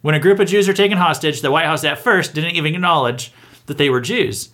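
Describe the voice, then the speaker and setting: A man's voice: on the high side, a little fast, a bit bright. Sarcastic male political commentator. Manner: sarcastic, mocking, chuckles between points. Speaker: host of a satirical news round-up. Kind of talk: opinionated political commentary monologue.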